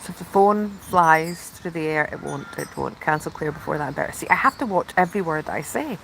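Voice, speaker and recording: A woman hosting a casual live stream, chatting and gushing, sometimes dropping into excited whispers. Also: deep voice, fairly quick, vocal fry, a little hiss or hum, rough recording. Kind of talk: casual live chat from the tub.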